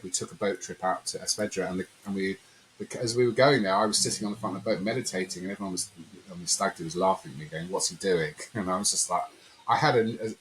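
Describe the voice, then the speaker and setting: A man's voice: low-pitched, a little hiss or hum, low-quality recording. A man telling a personal story in a conversational interview, rambling and acting out quotes. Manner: rambling, animated storyteller who acts out quotes. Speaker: podcast guest.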